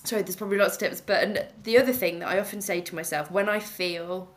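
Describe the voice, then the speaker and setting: A woman's voice: fairly low pitch, quick pace. A woman, a mindfulness teacher chatting casually on a podcast in a reassuring, talkative way.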